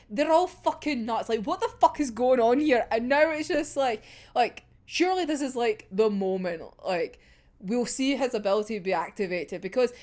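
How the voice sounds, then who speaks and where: A woman's voice: sits high, darkish tone. A young woman reacting to a manga chapter in casual, sweary talk, laughing often. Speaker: manga reaction video host.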